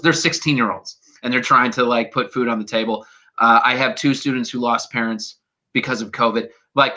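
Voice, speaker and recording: A man talking fast and heatedly as a guest in a political chat, emphatic and casually swearing. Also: medium pitch, pushed and bright. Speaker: guest, teacher intern.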